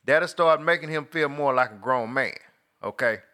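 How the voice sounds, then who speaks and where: A man's voice: mid-range voice, normal speed, pushed and bright. A man co-hosting a casual sports talk show, teasing his partner and slipping in ad reads. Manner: playful, teasing, drops in ad reads. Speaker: co-host.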